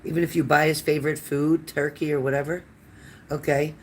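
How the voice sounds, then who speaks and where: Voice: mid-range voice, flat delivery, brisk, slight background noise. Chatty psychic reader talking to viewers. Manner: chatty and warm-toned, addressing viewers by name and calling them honey; loose, rambling speech with many fillers and restarts. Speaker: psychic card reader hosting a live stream. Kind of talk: casual live-stream card reading, answering viewer comments.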